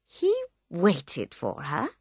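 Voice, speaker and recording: A woman's voice: fairly low pitch, wildly swooping pitch, extremely slow, darkish tone, husky, no room sound, clean studio sound, full character voice. A woman voicing an upset young husband on a train, pleading and agitated.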